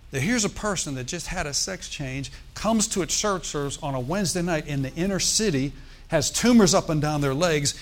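A man pastor telling a story in a sermon, animated, with asides and quoted dialogue. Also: a little high.

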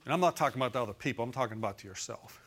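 In a comfortable middle range, with lively intonation and a slightly bright tone, a pastor preaches in an easygoing, conversational style. Homespun humor mixes with earnest repetition of phrases, and he keeps drawing in the congregation with quick calls for an amen.

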